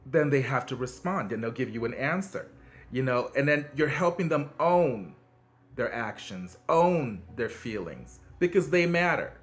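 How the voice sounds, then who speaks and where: A man's voice: expressive, a little slow, faint music behind. Earnest man giving casual advice. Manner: conversational, frequent fillers and restarts; earnest and encouraging, emphatic swings in pitch. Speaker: video host giving parenting advice.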